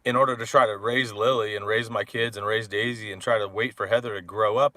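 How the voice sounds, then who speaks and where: A man's voice: medium pitch, bright, forceful tone, no room sound. A man in his forties ranting about his ex-wife with profane, mocking, heated talk full of filler words. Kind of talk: rambling personal rant.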